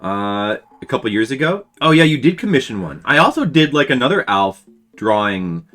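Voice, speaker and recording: Lively, sharp-voiced man chatting on stream. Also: medium pitch, moderate pace. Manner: rambling, reminiscing, answering chat with many restarts. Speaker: webcomic artist streaming for patrons. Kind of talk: casual chat while drawing on stream. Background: faint background music.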